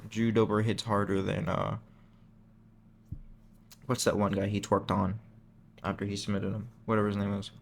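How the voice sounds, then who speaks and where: A man's voice: fairly low pitch, a little hiss or hum. A young man hosting a channel, talking in a casual, rambling way that is full of slang and self-corrections. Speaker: MMA channel host. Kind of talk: casual chat.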